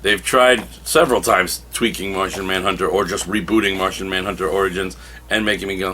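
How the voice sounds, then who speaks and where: A man reviewing comic books in a casual, animated way, now and then acting out characters' lines. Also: low voice, a little fast, a little hiss or hum.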